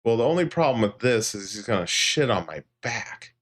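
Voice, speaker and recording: A man's voice: mid-range voice, very animated, moderate pace. A man hosting a casual livestream, joking with his chat and talking to his pet parrot, laughing often and swearing casually. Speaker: livestream host.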